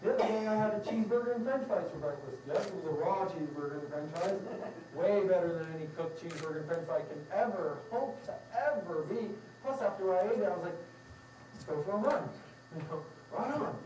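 A woman lectures a live class in a casual, rambling flow, upbeat and quick to laugh. Her voice is mellow and dark-toned. She sounds distant from the mic, in a roomy, echoing space. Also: fairly low pitch, lively intonation, a little hiss or hum. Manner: rambling, upbeat, with frequent laughs and acted-out quotes. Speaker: raw food class instructor. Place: room with a live audience. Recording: echoey room, mic far off.

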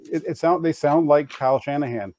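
A man on a sports talk panel, thoughtful and a little halting. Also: on the high side, mellow.

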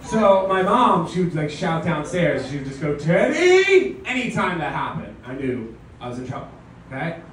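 A young man doing a stand-up comedy set at a house party, animated and slipping into mock voices of his mom and friends. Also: on the high side, moderate pace. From New York. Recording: echoey room, from a distance.

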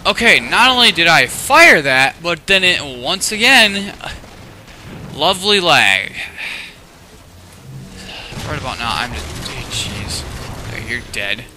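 A man's voice: fairly high pitch, sing-song, slow, pauses often, pushed and bright. A young man giving casual commentary over his own online match, often exclaiming in frustration at lag and other players. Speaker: gaming channel host. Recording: faint game noise behind voice.

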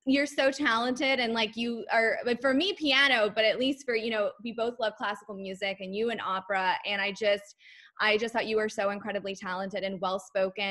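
A woman in her twenties chats as a guest in a casual interview. She sounds gracious and warm and laughs easily between thoughts. Her voice sits at an ordinary middle pitch. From Florida.

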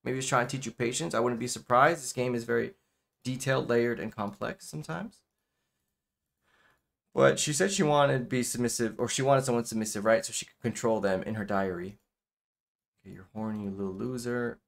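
A man's voice: mid-range voice, fairly quick, vocal fry, fairly bright tone. A man giving casual let's-play commentary, rambling with lots of fillers and repeated "okay.". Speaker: gameplay commentator.

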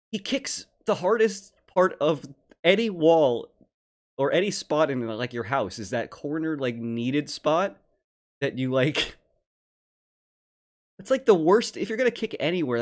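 A man's voice: fairly high pitch, lively intonation, unhurried, long pauses. A young man hosting a podcast, casually reacting to a clip with mocking jokes, laughs and lots of fillers. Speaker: podcast host.

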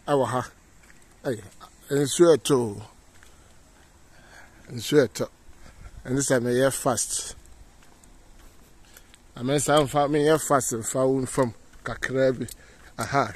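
A Ghanaian man giving a casual outdoor walking tour as a vlogger, pointing things out as he walks. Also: mid-range voice. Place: outdoors on city streets.

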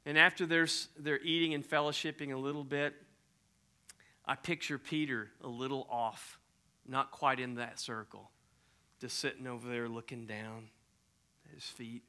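A man's voice: medium pitch, normal speed, smooth. A middle-aged man preaching a sermon as a pastor, retelling a story animatedly and dropping to near-whispers for effect. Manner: animated, swinging from loud emphasis to near-whispers.

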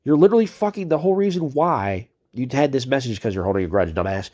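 A man delivers a ranting commentary in a dark, mellow voice. He sounds exasperated and sarcastic and swears freely. His pitch sits in an ordinary middle range. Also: animated, fast. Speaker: commentator reading out a chat exchange.

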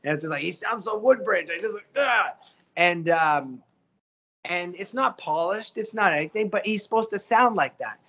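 A middle-aged voice actor chatting as a guest, animated and motivational, often acting out the quotes he tells. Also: high-pitched, normal speed. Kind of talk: casual interview chat.

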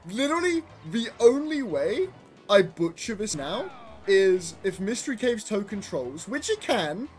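A man's voice: sits high, very animated, a little slow, faint music behind. A young man commentating his own speedrun live, nervous and swearing as he talks to himself.

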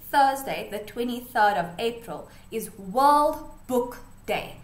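A woman's voice: fairly high pitch, slight background noise. A woman teaching a grade one home lesson, patient and sing-song, asking young children simple questions and answering them herself. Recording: echoey room.

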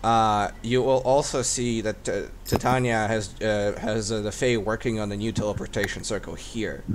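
A man acting as dungeon master, explaining rules with frequent pauses and restarts. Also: lowish voice, fairly even intonation, background noise. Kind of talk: running a tabletop game.

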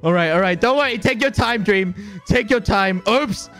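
A young man streaming a game, laughing constantly, shouting and swearing in chaotic banter. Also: high voice, normal speed. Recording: game music behind.

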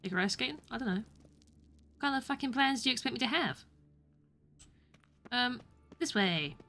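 A woman's voice: fairly high pitch, expressive, normal speed, bright, forceful tone, faint music behind. Playful British woman streaming a game. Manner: playful, chatty, greets chat viewers. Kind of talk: casual gameplay commentary.

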